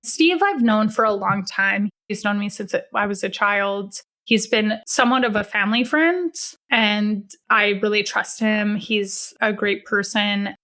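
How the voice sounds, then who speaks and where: A young woman telling a personal story in a relaxed, conversational way, slipping into the voices of the people she quotes. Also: mid-range voice, measured pace. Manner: conversational, acts out the dialogue in quotes. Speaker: guest storyteller. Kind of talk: first-person true story told to a podcast.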